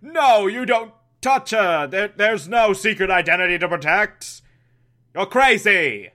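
A man's voice: sits high, takes it slowly, bright, forceful tone, heavily acted. A man voicing a flustered male butler who stammers and defends himself. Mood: indignant.

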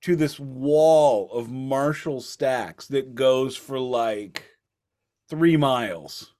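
A man co-hosts a casual music podcast, chatting freely, correcting himself as he goes and laughing easily. His voice is medium in pitch, a little mellow, and extremely slow.

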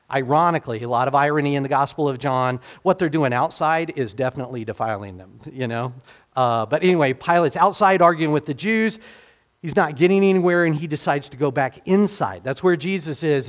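A man preaching a casual, conversational sermon, asking his listeners questions and acting out the people in the passage. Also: medium pitch. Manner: casual, talks to the congregation directly with rhetorical questions; acts out quoted speakers in dialogue.

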